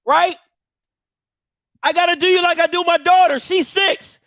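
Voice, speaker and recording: A man in his thirties with a strikingly high-pitched voice hosts a heated commentary rant. He mocks his target with rapid-fire rhetorical questions and breaks into shouting now and then. The sound is dry and close, with no room echo. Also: fairly even intonation. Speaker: show host.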